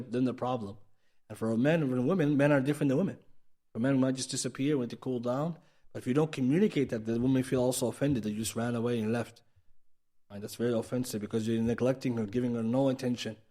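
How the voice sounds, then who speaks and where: Male teacher, mid pitch, quick delivery, chatty lecture style that checks in with the audience. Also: dark tone. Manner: conversational, asks the audience "right?" often, acts out quoted speech. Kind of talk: recorded mosque class lecture. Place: mosque.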